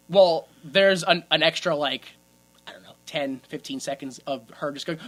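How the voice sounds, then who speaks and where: A man's voice: a little high, steady tone, normal speed, fairly bright tone. A man co-hosting a casual comedy podcast, retelling a movie's scenes in a crude, joking way and laughing often. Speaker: podcast co-host.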